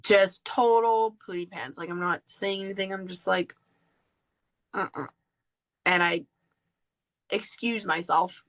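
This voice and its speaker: A woman hosts her own podcast and shares a personal story in a candid, animated way. She laughs often as she talks. Her voice sits at a middle pitch. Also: unhurried, rough recording. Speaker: podcast host.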